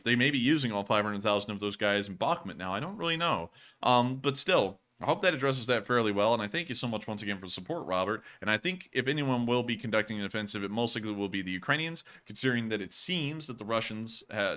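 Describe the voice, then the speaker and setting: A man's voice: lowish voice, expressive, fast talker, hardly any pauses, pushed and bright. A man hosting a livestream news chat, answering viewer questions in a rambling, conversational way with a sore throat. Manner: rambling, conversational, many fillers. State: sore throat, about to cough. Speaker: host.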